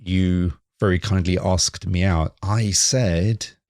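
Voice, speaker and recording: A man's voice: deep voice, steady tone, slow, a little mellow, dry recording, clean studio sound. A man co-hosting a Japanese lesson podcast, asking questions and repeating phrases after the teacher. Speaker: co-host learning Japanese.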